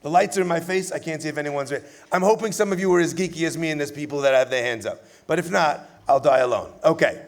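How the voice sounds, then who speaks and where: A man giving a rabbi's address to a conference audience from a lit stage, an animated and playful preacher who swings from loud to soft. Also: a little high, fast talker, gravelly, few pauses. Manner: playful storyteller with jokes.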